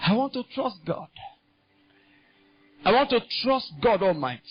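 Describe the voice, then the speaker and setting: A man preaching a sermon in a Nigerian English accent, impassioned and climbing into shouts. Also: very high voice, big pitch swings, a little slow, slightly rough. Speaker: pastor. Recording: dull lo-fi sound.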